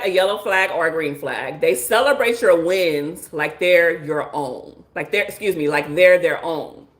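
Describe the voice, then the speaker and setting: A woman therapist hosting a live stream with features, reading chat comments in a playful, lively way, laughing often and acting out the people she quotes. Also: lowish voice, roomy sound.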